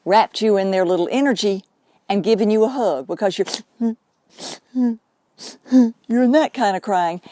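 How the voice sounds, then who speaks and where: A woman speaking straight to her viewers in an earnest, explaining tone, stretching out key words to drive them home. Her voice sits at an ordinary middle pitch. The sound is dry and close, with no room echo. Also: dark tone. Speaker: animal medium hosting her own show. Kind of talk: unscripted direct-to-camera talk.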